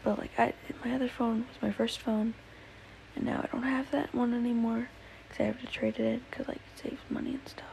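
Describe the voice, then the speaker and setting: A woman's voice: fairly high pitch, little pitch movement, fairly quick, vocal fry, a little mellow, a little hiss or hum, rough recording. A teenage girl hosting a solo podcast, rambling with lots of fillers and often dropping to a whisper, a little tearful. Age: teens. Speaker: podcast host.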